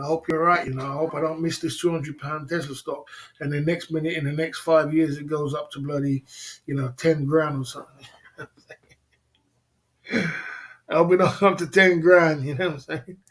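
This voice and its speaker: A man hosting a casual livestream, rambling about stocks and reading chat comments, often repeating "you know what I mean". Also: a little high. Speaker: livestream host.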